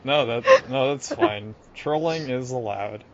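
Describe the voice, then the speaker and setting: Brief: podcast host, a man with a mid-pitched voice, joking and crude, dull lo-fi recording. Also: wildly swooping pitch, unhurried, vocal fry, slight background noise. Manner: teasing, swears freely. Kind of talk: casual chat. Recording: dull lo-fi audio.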